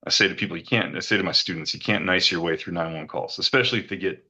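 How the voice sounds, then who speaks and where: The lo-fi clip captures a middle-aged retreat guest delivering a testimonial in a low-pitched, bright, forceful voice at rapid-fire speed. Earnest about his personal experience, he rambles and repeats words whenever emotion gets the better of him.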